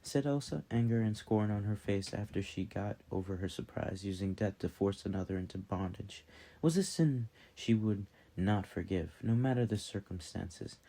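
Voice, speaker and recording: Man with a deep, very dark voice. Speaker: audiobook narrator. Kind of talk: fan audiobook narration.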